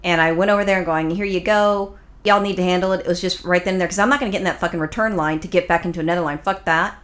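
Fast-talking, blunt, wisecracking woman. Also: on the low side, steady tone, fairly bright tone. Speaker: podcast co-host. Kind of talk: casual chat.

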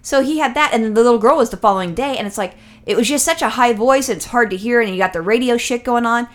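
A woman's voice: a little high, fast. A woman co-hosting a casual comedy podcast, rambling and profane as she tells stories. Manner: rambling, profane, animated storytelling. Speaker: podcast co-host.

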